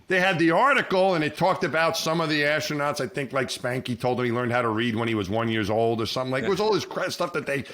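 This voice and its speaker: A man's voice: medium pitch, quick pace, few pauses. Rambling middle-aged storyteller man. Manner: rambling, many restarts, animated when quoting people. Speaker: podcast co-host, former astronaut. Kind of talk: casual storytelling chat.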